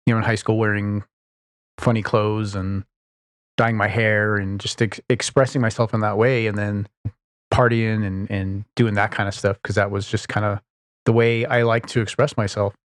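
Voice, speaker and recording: A man's voice: on the low side, flat delivery, normal speed, dry recording, studio quality. A man hosting his own podcast, chatting casually in a rambling, profane way with lots of "like" and "you know". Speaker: podcast host. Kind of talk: casual solo chat.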